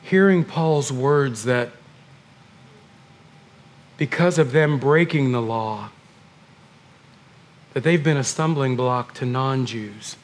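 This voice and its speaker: A man's voice: mid-range voice, slow, pauses often. A man teaching through a Bible book in a casual, chatty way, full of fillers and talking straight to his listeners. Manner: chatty, filler-heavy, addresses listeners as "you guys".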